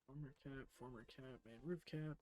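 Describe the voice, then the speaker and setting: A man with a medium-pitched, warm voice talks at a moderate pace while streaming a game. He chats casually, swears freely, laughs often, and mutters to himself as he plays.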